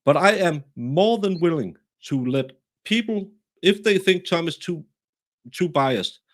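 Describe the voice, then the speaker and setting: A man with a Danish accent, talking through a case in a casual, animated, self-deprecating way, often restarting his sentences. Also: fairly high pitch, a little slow. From Denmark. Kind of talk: casual true-crime discussion.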